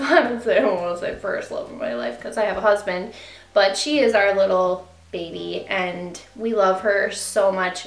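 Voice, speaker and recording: A young woman chatting in a casual home vlog, gushing about her puppy and slipping into high baby talk. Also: reverberant. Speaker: beauty vlogger. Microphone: camera with ring light.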